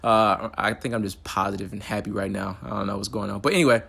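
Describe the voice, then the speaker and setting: A man's voice: on the low side, fairly even intonation, quick pace, creaky, sharp tone, husky. A young man hosting his own motivational talk show, chatting in a casual, upbeat way with slang and fillers. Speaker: podcast host.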